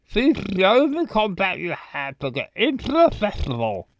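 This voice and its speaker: Blunt teasing best friend. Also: female voice, medium pitch, huge pitch swings, moderate pace, no echo, low-quality recording. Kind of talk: game voice acting.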